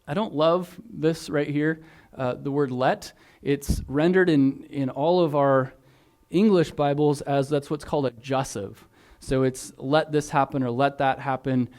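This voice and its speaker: A man's voice: a little high, steady tone, a little slow, a little mellow. A male pastor preaching an expository sermon in a church, conversational, with frequent ums and restarts. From United States. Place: church sanctuary.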